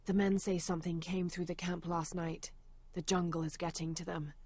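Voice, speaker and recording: An actress voicing a female adventurer in a video game, reading old journal entries aloud in a measured, serious way. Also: lowish voice, level tone, a little mellow, breathy edge. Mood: grim.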